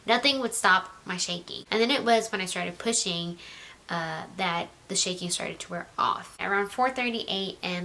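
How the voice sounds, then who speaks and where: A young woman telling a personal story in a chatty vlog style, full of "like" fillers and slipping into a soft whisper. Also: on the low side, gravelly, a little hiss or hum. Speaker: vlogger.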